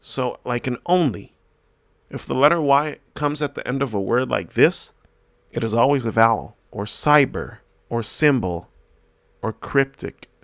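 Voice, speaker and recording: A male teacher explaining a reading lesson step by step, slowing down to sound out example words and lifting his voice to stress key points. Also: mid-range voice, expressive, creaky, fairly bright tone, dry recording.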